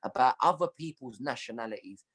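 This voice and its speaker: A man with a London accent, a comedian chatting as a podcast guest and telling animated stories full of street slang. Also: medium pitch, fairly quick, breathy edge. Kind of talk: casual chat.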